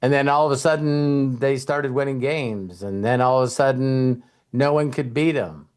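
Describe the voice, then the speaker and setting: A man's voice: medium pitch, moderate pace, darkish tone, clean tone. A middle-aged man hosting a motivational talk, telling stories and acting out quoted voices with some casual swearing. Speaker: host and mentor.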